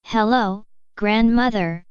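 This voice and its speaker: A woman plays a polite, innocent little girl from a fairy tale, sweet and wide-eyed. She speaks slowly in a very clean, smooth voice. The recording sounds slightly dull. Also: mid-range voice, no room sound, pitched above the performer's own voice, close to an everyday voice.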